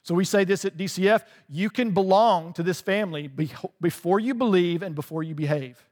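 Male pastor, casual sermon delivery, fairly high voice, long hall reverb. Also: fairly quick, darkish tone. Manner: conversational, often checks in with "right?" and laughs lightly.

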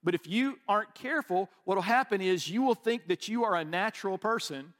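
Guy preaching a sermon, kinda high voice, chatty and loose with lots of restarts. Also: brisk, fairly bright tone. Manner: conversational preaching with restarts and asides. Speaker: pastor.

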